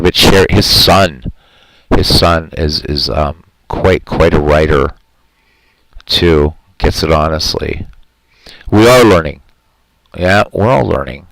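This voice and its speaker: A man's voice: low voice, a bit bright, poor audio. A man hosting a live stream in casual chat, talking in an earnest, rambling, heartfelt way and answering his viewers' comments.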